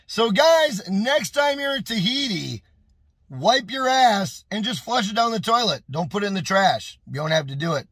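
Male vlogger with a high voice and a dry, close sound, telling a story in a casual, animated way. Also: normal speed, slightly rough, dry recording. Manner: animated, exclaiming, repeating phrases. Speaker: YouTube storyteller.

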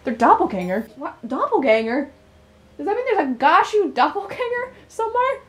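A woman's voice: very high-pitched, very animated, normal speed, bright, forceful tone. A young woman doing let's play commentary on a horror visual novel. She jumps easily, laughs often and talks back to the characters.

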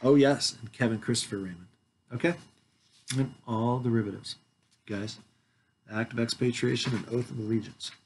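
A man's voice: mid-range voice, moderate pace, long pauses, slight background noise. A man in his forties reading legal documents aloud to viewers, calling out every comma and parenthesis, then breaking off to talk to his audience. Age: 40s. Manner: reads word by word, calling out punctuation, with asides to the audience.

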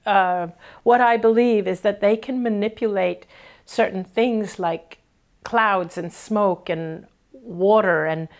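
A woman hosting a live-stream conversation, speaking warmly and effusively and reading viewer comments aloud. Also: medium pitch, slow pace. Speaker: host.

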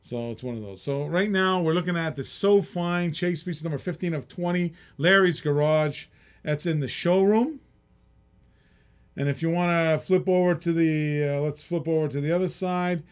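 A man's voice: on the high side, normal speed, clear, resonant tone. A middle-aged man hosting a live-stream auction in casual, rambling chatter, often chuckling and reading out bids.

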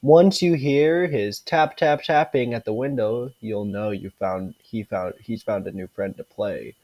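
A man's voice: fairly low pitch, a little mellow, dry recording, pitched below the performer's own voice. A man reading aloud as a creepy storybook narrator. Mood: eerie. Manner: slow, stumbling reading.

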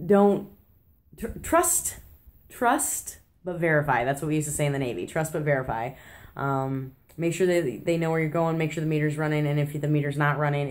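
A low-pitched American woman chats straight to camera in her apartment kitchen. Her talk is loose and self-deprecating, full of ums and little restarts, like a late-night confessional vlog. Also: a little mellow. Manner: chatty, self-deprecating, many fillers and restarts. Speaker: travel vlogger.

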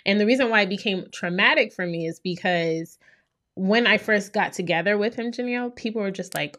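A woman's voice: medium pitch, fairly quick. A young woman from New York hosting a podcast, telling a personal story in casual chat with lots of "like" and "right?". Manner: animated storyteller, frequent "like" and "right?". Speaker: podcast host.

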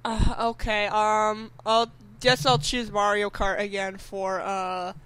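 A woman's voice: mid-range voice, level tone, slow, fairly bright tone. A woman playing as a quiz contestant, hesitant with many ums. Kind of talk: casual podcast chat.

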